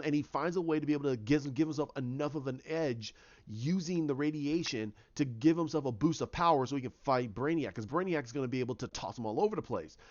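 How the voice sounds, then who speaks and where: A man's voice: fairly high pitch, darkish tone. A man casually retelling a movie idea, rambling along with many restarts. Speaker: fan pitching a movie idea. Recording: dull lo-fi sound.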